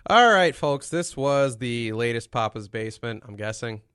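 A man's voice: mid-range voice, animated, normal speed, a bit bright, smooth, no echo, studio quality. A young man hosting a casual podcast, joking and sarcastic. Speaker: podcast host.

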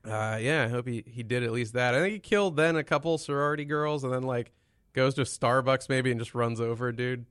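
A man's voice: medium pitch, fairly quick, fairly bright tone, clear, resonant tone, no room sound, clean studio sound. A young man hosting a casual podcast, joking and sarcastic. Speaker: podcast host.

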